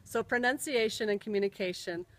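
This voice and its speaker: Middle-aged woman telling a story about her family, pitch right in the middle, sounds words out slowly and carefully. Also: rough recording. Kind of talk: personal storytelling.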